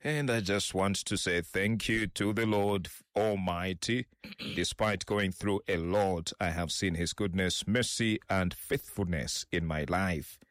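A man's voice: deep voice, measured pace, a bit bright, dry recording, clean studio sound. A man co-hosting a faith-based morning radio show in an easygoing way, reading listener messages aloud. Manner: easygoing, reads messages aloud with short affirmations.

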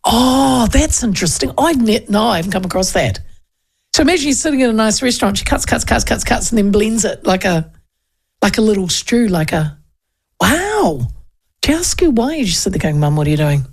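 A woman's voice: mid-range voice, lively intonation, a little fast, slightly rough. A woman hosting a casual radio chat, laughing and reading out listener texts. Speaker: radio host.

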